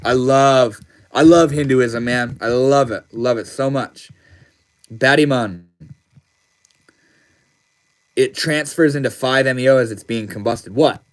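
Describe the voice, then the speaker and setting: A man's voice: medium pitch, measured pace. A man hosting a casual livestream, reading viewer comments aloud and answering them in a laid-back, slangy way. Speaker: livestream host.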